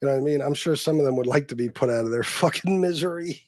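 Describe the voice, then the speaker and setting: Blunt, profane livestream host, dry close sound. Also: male voice, medium pitch, quick pace, darkish tone, no room sound. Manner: blunt, profane, rambling with fillers. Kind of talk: casual livestream chat.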